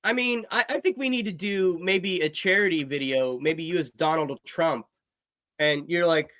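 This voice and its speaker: Male comedy co-host, high-pitched, animated riffing. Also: normal speed, no room sound, clean studio sound. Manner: animated riffing, frequent laughter. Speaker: podcast co-host. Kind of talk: casual comedic chat.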